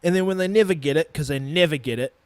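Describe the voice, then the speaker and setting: A young New Zealand man with a Kiwi accent hosts a podcast, speaking fast at a fairly high pitch with no room sound. His casual rant is blunt and profane, and he laughs between points.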